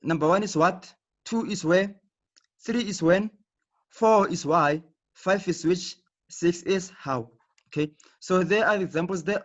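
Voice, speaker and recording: A man leads an online English lesson, talking in a slightly high voice. He explains slowly and patiently, circling back and tagging his points with "okay". The call audio is muffled and lo-fi. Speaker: teacher. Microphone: video call.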